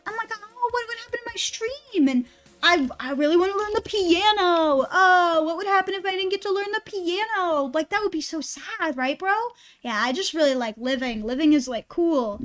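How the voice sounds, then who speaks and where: Give me a woman playing a sing-song robot guy, cheerful and high-pitched, gushing about life. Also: normal speed, a bit bright. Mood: chipper. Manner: overly chipper, sing-song. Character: cheerful robot guy who loves being alive.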